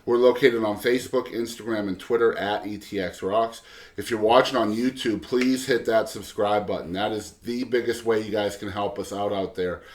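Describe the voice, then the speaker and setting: A man hosting his own music podcast, reading casual show announcements in a loose, joking way with lots of um fillers. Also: on the low side. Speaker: podcast host.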